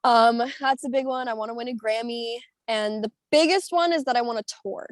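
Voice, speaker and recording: A bubbly young woman from the United States chats on a video call in a high-ish voice, rambling through stories with plenty of "um" and "like." The sound is dry and close, with no room around it. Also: a little fast, no echo. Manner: bubbly, animated, rambling with many fillers and laughs. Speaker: singer being interviewed. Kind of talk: casual storytelling over a video call.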